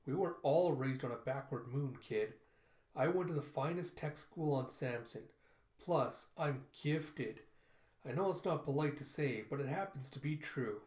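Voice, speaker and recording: List: young girl, gifted, sharp-tongued, read aloud by a man, echoey. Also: medium pitch, a little slow, lightly acted. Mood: snarky. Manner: read-aloud comic dialogue, little voice change. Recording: roomy echo.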